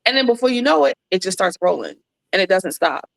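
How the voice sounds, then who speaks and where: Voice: medium pitch, sing-song, fairly quick, gravelly. A podcast co-host in casual chat, joking and playing out little scenes.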